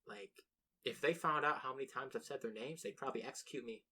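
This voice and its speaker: A man's voice: medium pitch, fast, bright, forceful tone, husky. Young man rambling through a casual podcast chat. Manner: rambling, swears freely, frequent restarts. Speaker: podcast co-host.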